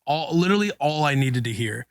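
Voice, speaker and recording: A man co-hosting a podcast, telling a long story in a casual, slangy, animated way. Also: a little high, clean tone, no echo, studio quality. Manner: animated, slangy, quick retelling with acted quotes. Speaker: podcast co-host.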